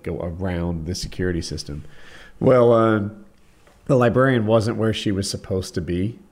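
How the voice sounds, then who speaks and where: Very deep-voiced man, dry and wry. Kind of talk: casual chat.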